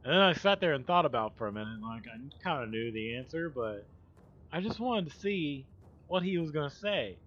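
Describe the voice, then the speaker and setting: A man's voice: fairly high pitch, very animated, normal speed, a bit bright. Guy streaming and rambling about work stories, swears a lot, kinda muffled audio. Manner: rambling, profane, laughing asides. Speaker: livestream host. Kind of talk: casual storytelling chat.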